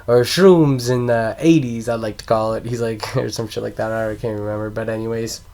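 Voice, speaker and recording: A man's voice: fairly low pitch, steady tone, brisk, a little mellow. A man casually ranking movies in a vlog, rambling and swearing freely, laughing often and losing track of names mid-sentence. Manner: profane, rambling, laughs a lot, trails off forgetting names. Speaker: movie review vlogger.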